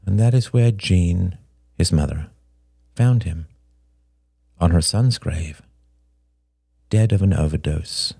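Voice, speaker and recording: A man narrating a story in a slow, solemn, measured way. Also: deep voice, creaky, dark tone, breathy edge, dry recording, studio quality. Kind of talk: storybook reading.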